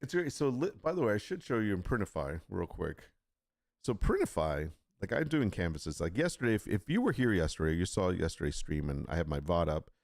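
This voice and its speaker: A man hosting a casual live stream, talking in a rambling, animated way with frequent restarts and asides. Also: deep voice, a little fast, no room sound, studio quality. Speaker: live stream host, print-on-demand seller.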